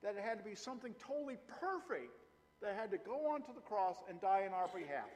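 Animated preacher in a reverberant hall. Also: male voice, high voice. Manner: animated preaching, rising and falling, slow emphatic phrases. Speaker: pastor. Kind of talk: sermon.

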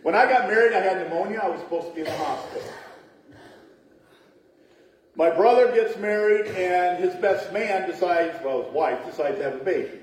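A middle-aged pastor tells humorous wedding stories in a chatty sermon full of laughing asides and acted-out voices. His high, expressive voice races along with hardly any pauses. He's recorded from far off in an echoey church sanctuary, with a little hiss or hum.

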